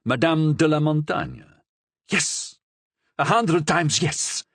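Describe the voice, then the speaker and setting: A man's voice: on the high side, slow, vocal fry, fairly bright tone, breathy edge, no echo, voice pushed up, heavily acted. A man voicing a jealous, hot-headed young marquis who talks in an agitated, indignant way. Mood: disbelieving.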